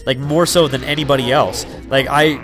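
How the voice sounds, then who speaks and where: A man's voice: mid-range voice, steady tone, normal speed, fairly bright tone, faint music behind. A man in his twenties giving casual, rambling commentary over a video game, full of fillers and side thoughts. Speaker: let's player.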